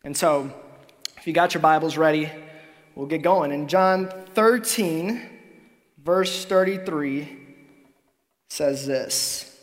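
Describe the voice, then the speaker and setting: A man's voice: sits high, expressive, moderate pace, a bit bright. A man from Honduras giving a casual sermon as pastor, reading scripture and talking it over with many "like"s and "right?"s. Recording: long hall reverb.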